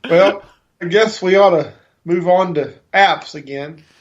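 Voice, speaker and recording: A man's voice: high-pitched, a little slow, dull audio. A man co-hosting a podcast, chatting casually and often reacting in short remarks. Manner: brief reactive interjections. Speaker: podcast co-host.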